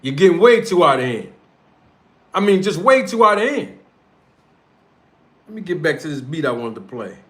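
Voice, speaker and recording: A man with a North Philly accent, streamer and show host, fires off a confrontational livestream rant in street slang. His voice is fairly high and fairly bright, very animated at normal speed, with frequent pauses.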